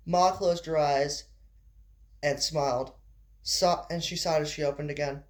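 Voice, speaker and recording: A man's voice: fairly high pitch, normal speed, gravelly. A man reading his story aloud in an amateur style, stumbling and restarting, with casual asides. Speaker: narrator.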